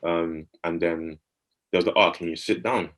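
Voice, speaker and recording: A man's voice: low-pitched, fairly even intonation, normal speed, fairly bright tone. A man in his thirties, a podcast co-host, telling a personal story in an earnest, reflective way and often checking in with his listener.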